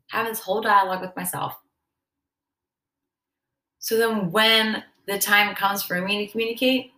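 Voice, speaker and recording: A woman's voice: mid-range voice, normal speed, bright, forceful tone. A woman hosting a self-help podcast, talking casually and acting out short quoted conversations as she goes. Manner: conversational, acts out little quoted dialogues. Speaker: podcast host. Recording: echoey room.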